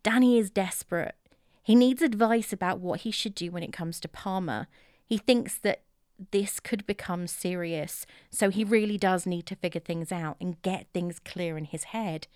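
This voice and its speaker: A woman's voice: lowish voice, moderate pace, a little mellow, clear, resonant tone, dry recording, studio quality. A woman recapping a film plot in a casual way, with chatty, opinionated asides. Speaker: film reviewer.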